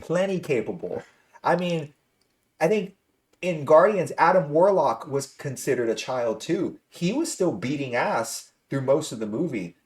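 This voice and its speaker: A man's voice: a little high, lively intonation, a little slow. A man hosting a podcast, ranting with exasperated profanity in a casual movie review chat. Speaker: podcast host.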